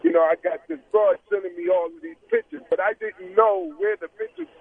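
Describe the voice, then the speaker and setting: A man calling into a radio show from New York, halting and hesitant as he starts his story. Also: very high voice, huge pitch swings, gravelly. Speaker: caller. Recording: tinny phone line.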